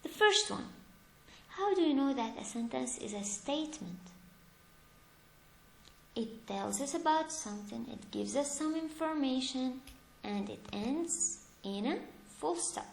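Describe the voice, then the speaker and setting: This woman's high-pitched, gravelly voice moves at a measured pace, with a little hiss or hum and the echo of the room behind it. Teaching English grammar, she asks the class questions and supplies the answers herself as she goes through each example. She explains slowly and deliberately but in a lively way, lifting her emphasis on the examples.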